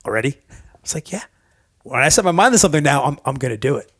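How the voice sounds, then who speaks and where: A man who works as a coach, guesting on a podcast and telling stories eagerly, quick to agree. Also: fairly high pitch, animated, fairly bright tone, dry recording, clean studio sound. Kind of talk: casual chat.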